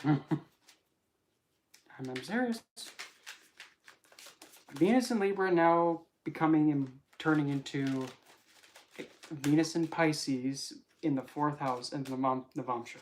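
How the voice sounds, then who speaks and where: A casual tarot vlogger with a mid-pitched voice who rambles through readings. The delivery is chatty and full of jokes and self-corrections. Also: takes it slowly, long pauses, a little hiss or hum. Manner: rambling, joking, self-interrupting. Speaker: tarot reader.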